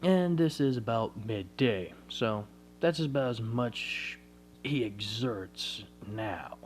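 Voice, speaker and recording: A man's voice: medium pitch, animated, takes it slowly, a little hiss or hum. A man telling an improvised fan story in a rambling, conversational way that keeps correcting itself.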